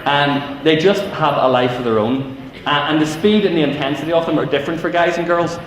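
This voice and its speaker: A man's voice: on the high side, fairly even intonation, fairly quick. Northern Irish man, echoey hall. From Northern Ireland. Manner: storytelling with acted-out voices and asides. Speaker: youth speaker. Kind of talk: humorous talk to teenagers. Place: large civic hall.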